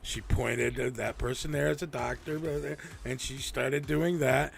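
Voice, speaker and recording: A man's voice: medium pitch, steady tone, normal speed, a little hiss or hum. A man hosting a casual livestream, rambling and swearing freely with frequent restarts. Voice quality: gravelly. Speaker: livestream host.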